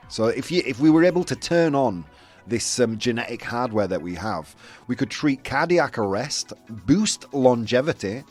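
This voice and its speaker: A young man from the UK hosts a casual chat show, his pitch bouncing up and down as he talks. He rambles, piling on fillers and restarts, with faint music underneath. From United Kingdom. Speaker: host.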